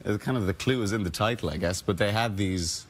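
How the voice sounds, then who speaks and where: Low-voiced Irish actor. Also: male voice, fairly quick. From Ireland. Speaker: actor guest. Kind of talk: talk show interview.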